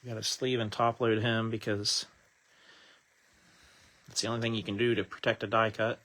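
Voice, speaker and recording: A man's voice: fairly low pitch, little pitch movement, moderate pace, fairly bright tone. A man hosting a live trading-card break, casually chatting while he reads out each card he pulls.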